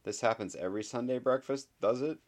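A man's voice: mid-range voice, a little fast, pitched above the performer's own voice, natural voice. A man voicing a tired eleven-year-old boy who speaks in a dull, resigned way. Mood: weary. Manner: dull, tired, flat delivery.

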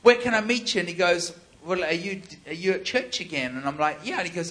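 A man preaching, telling a lively story and acting out the quoted lines with laughter. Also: high voice, brisk. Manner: animated, laughing, acts out quotes. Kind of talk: storytelling sermon.

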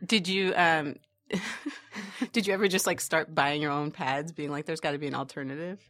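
A woman with a fairly low voice chats casually as host and asks friendly follow-up questions. Her delivery is easy and unhurried. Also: a bit bright. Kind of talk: casual chat.

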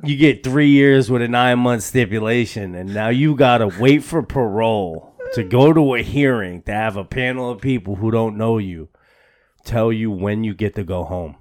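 A man's voice: on the low side, normal speed, a little mellow. A man co-hosting a podcast, telling a story in casual chat, rambling with many restarts and repeated words, full of profanity and "bro". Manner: slangy and profane, says "bro" a lot. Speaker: podcast co-host.

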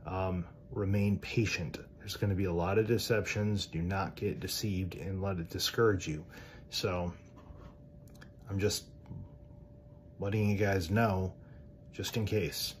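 Deep-voiced male podcaster, earnest and direct, loose rambling delivery. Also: steady tone, unhurried, pauses often, slight background noise. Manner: rambling, with many fillers and restarts. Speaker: Christian podcaster. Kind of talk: casual religious talk.

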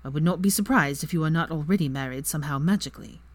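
A woman's voice: low-pitched, fast talker. Woman voicing a haughty aristocratic father. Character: cold aristocratic older wizard father, haughty.

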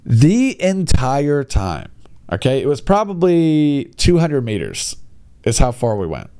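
A man vlogging casual tips, ranting in an exasperated, animated way and mincing his swears. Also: medium pitch, slow pace, clear, resonant tone. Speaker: vlogger giving e-bike riding tips.

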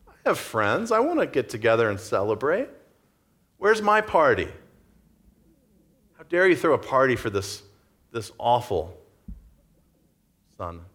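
A man's voice: mid-range voice, huge pitch swings, a little slow, pauses often, a bit bright, full character voice. A man playing a whiny jealous older brother. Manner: whiny, complaining.

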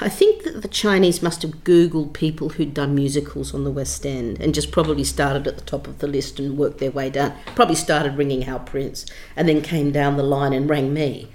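Expressive middle-aged woman, slightly low voice. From Australia. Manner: expressive, emphatic storyteller with frequent restarts. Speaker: theatre director and writer, interview guest. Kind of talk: storytelling in an interview.

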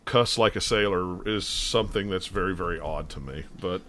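A man hosts a relaxed gaming podcast in a slightly low voice with a bright, forward tone. He talks in loose, stop-start runs, often restarting a thought before it lands. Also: normal speed, a little hiss or hum. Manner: rambling, stop-start delivery with frequent restarts. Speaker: podcast host. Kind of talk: casual chat.

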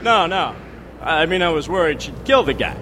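An actor playing a brisk, exasperated young man giving orders in a game, over street noise. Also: a little high, animated, lightly acted.

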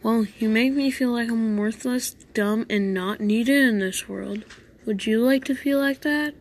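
A woman voicing a nervous teenage boy starting high school, read in an earnest, plain storybook way. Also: measured pace, a little hiss or hum.

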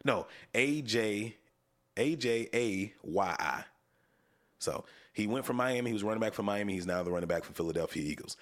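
Laid-back cursing podcast host, lowish voice. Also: male voice, expressive, moderate pace. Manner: profane, laid-back storytelling. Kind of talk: casual podcast chat.

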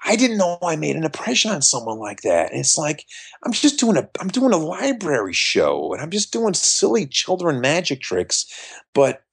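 A man's voice: on the high side, moderate pace, vocal fry, slightly rough. A middle-aged man, a magician being interviewed, telling stories and acting out the voices of the people in them. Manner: animated storyteller acting out quoted voices. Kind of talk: storytelling in an interview.

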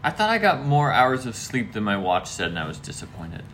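A man's voice: medium pitch, wildly swooping pitch, brisk, a bit bright, a little hiss or hum. A man hosting a casual chat podcast, with a teasing, dry way of talking. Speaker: podcast host.

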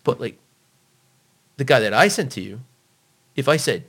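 A man's voice: mid-range voice, sing-song, normal speed, a bit bright, breathy edge. A man telling stories in a casual chat, blunt and emphatic, swearing often. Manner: blunt, heavily profane, emphatic.

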